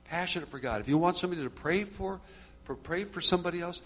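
A man's voice: sits high, fast, fairly bright tone. A middle-aged man leading a church small group, talking conversationally and growing fervent and preachy, often repeating phrases. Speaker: group leader.

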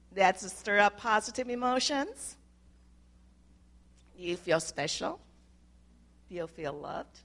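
Older woman with a gravelly, earnest voice. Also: medium pitch, a bit bright. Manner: earnest, homely, with simple grammar slips and restarts. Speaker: speaker sharing a devotional talk. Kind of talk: informal sermon.

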